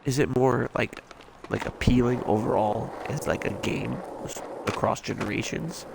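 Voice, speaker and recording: A man's voice: medium pitch, moderate pace, creaky, noisy background. A male streamer talking over a headset, stuffed up and just awake, rambling and swearing as he rants while gaming. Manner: rambling, frustrated, swears freely. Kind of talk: casual gaming stream rant.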